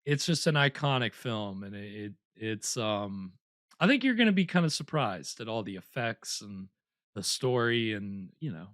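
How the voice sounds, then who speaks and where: A man's voice: fairly low pitch, very animated, normal speed, a bit bright, dry recording. A young man hosts a live movie night in a loose, rambling way. He keeps restarting and circling back with lots of filler. The sound is dry and close. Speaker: host. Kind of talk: casual chat.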